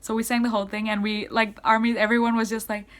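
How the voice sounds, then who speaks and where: A young woman excitedly recapping a concert she attended, in casual rambling speech full of "like". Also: a little high, fast. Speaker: concert-going fan.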